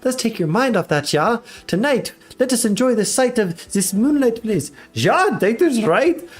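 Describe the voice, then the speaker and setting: A man voicing campy characters from a cheesy horror movie with a mock German accent, pitched up and exaggerated. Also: big pitch swings, measured pace, exaggerated voice. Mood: cheery. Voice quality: exaggerated, sing-song, high.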